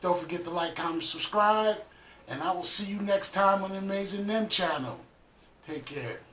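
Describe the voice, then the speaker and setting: A man's voice: high voice, normal speed, far from the mic. A man hosting a reaction video, chatting casually about the clip he just watched. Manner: relaxed, chatty, repeats himself. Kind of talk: casual commentary. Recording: echoey room, off-mic.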